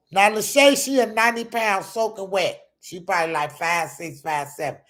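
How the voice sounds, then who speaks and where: A woman's voice: mid-range voice, moderate pace, fairly bright tone. A middle-aged woman telling a personal story to her viewers in an emphatic, profane, casual way, often calling out to them directly.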